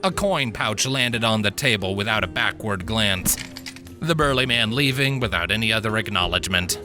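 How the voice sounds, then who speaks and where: A man narrating a fantasy short story in an expressive storytelling manner, with faint music behind him. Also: fairly low pitch, normal speed.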